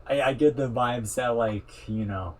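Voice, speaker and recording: A man's voice: mid-range voice, measured pace, darkish tone. A man co-hosting a podcast, telling rambling stories in casual chat, swearing and filling gaps with "like" and "um". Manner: rambling storyteller, swears, many fillers and laughs. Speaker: podcast co-host.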